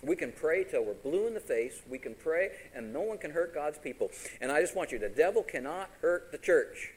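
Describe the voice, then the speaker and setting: A man's voice: on the high side, normal speed, breathy edge, poor audio. A man preaching a sermon, retelling a story with acted-out voices and questions to the congregation. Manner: animated, acts out each character's lines in the story.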